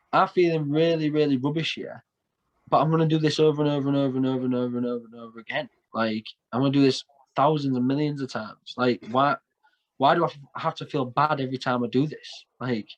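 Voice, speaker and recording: A man's voice: medium pitch, muffled recording. A man in his twenties with a North East English accent, telling his story in a casual interview, rambling with lots of fillers and repeated words. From north east England. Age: 20s. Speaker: guest, shamanic practitioner.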